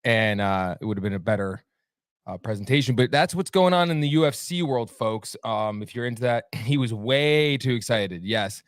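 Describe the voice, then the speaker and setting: A man's voice: mid-range voice, normal speed, dry recording, studio quality. A man hosting a sports talk show in a casual, rambling way, cracking sarcastic jokes between fillers. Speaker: podcast host. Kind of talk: casual chat.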